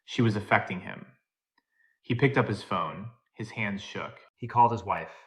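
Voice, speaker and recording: A man narrating a scripted drama story in an even, steady manner. His voice sits on the low side and keeps a plain reading pace throughout. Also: normal speed.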